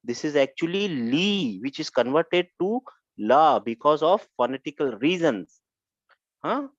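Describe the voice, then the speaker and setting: A man teaching a grammar lesson, repeating his points and checking with a quick "huh?" to see if his students follow. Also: on the high side, very animated, dry recording. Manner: repetitive, keeps checking with "Huh?". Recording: dull lo-fi recording.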